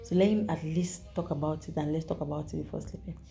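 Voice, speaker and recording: A woman with a Nigerian accent recounts a story straight to the camera, chatty and animated, circling back with repeats and asides. Her voice sits fairly low with a warm, mellow tone, and soft music plays faintly behind her. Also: fast talker, creaky. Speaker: vlogger.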